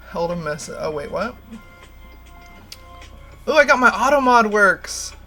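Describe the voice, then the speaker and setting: Gravelly, rambling livestream host. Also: mid-range voice, very animated, slow, long pauses, bright, forceful tone, soft background music. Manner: rambling and candid, laughs often, swears freely. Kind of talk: casual stream chat.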